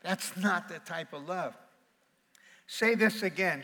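High, bright-voiced pastor preaching in a hall. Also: male voice, slow pace. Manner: playful, calls on the congregation to respond. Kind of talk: sermon. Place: large auditorium with balcony.

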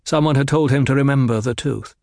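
The clean studio recording, free of echo, captures a man narrating an audiobook at medium pitch. His storytelling is even and measured.

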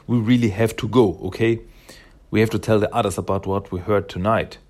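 A man voicing a calm, encouraging ninja turtle who talks to his young students in a reassuring, matter-of-fact way. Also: on the low side, brisk, close to an everyday voice. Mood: urgent.

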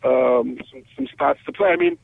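A male guitarist guest telling stories over the phone, acting out quoted conversations with lively energy. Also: mid-range voice, moderate pace, gravelly, husky. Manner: animated, acts out quoted conversations. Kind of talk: phone interview storytelling. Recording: tinny phone line.

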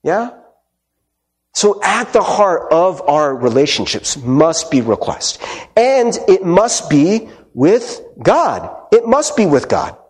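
Animated man preaching, lively high voice. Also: slow pace. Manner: animated, conversational, frequent "right?" asides; laughs often and acts out quoted voices. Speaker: pastor. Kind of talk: sermon.

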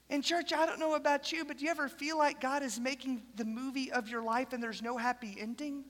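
A preacher with a bright, forceful voice giving a sermon in a church sanctuary. The delivery is animated storytelling that jumps between loud bursts and hushed asides. The sound carries the long reverb of a big hall. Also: high voice, fairly quick, hardly any pauses. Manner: animated storytelling with dramatic swings in loudness.

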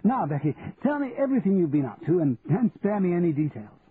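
A man's voice: high voice, sing-song, quick pace, husky, voice pushed up, exaggerated voice. A man playing a bluff, hearty English aristocrat who blusters jovially with old-fashioned oaths. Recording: tinny, phone-like audio, faint hiss.

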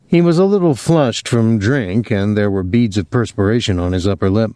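A man narrating a novel as an audiobook in a measured, expressive storytelling voice, on a close microphone. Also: fairly low pitch, dry recording. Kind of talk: scripted narration.

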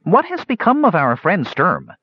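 A man voicing a high polite gnome. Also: huge pitch swings, moderate pace, breathy edge, dry recording, highs cut off, exaggerated voice. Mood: diplomatic. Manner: polite, diplomatic. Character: diplomatic little male gnome.

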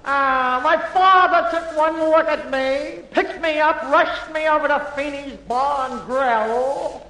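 Brief: woman doing a drawling boozy old comic man, slow, roomy echo. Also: high voice, fairly bright tone, pitched above the performer's own voice. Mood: sneering. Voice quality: drawling, mock-grand. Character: gruff boozy older male comic, sneering. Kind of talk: 1940s radio comedy impression.

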